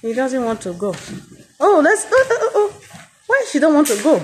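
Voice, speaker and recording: A woman's voice: sits high, sing-song, moderate pace, slight background noise. A woman farmer with a Nigerian accent, chatting playfully and coaxing her animals in a casual vlog.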